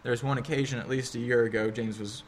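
A man in his thirties delivers a sermon in an earnest, conversational manner, slipping in wry asides. His voice sits at an ordinary middle pitch, and a faint noise floor runs under the recording. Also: fairly even intonation, fast. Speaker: pastor.

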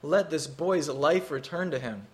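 A man's voice: on the high side, a little slow, lightly acted. A man playing a desperate prophet in prayer. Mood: fervent. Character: desperate male prophet crying out to God.

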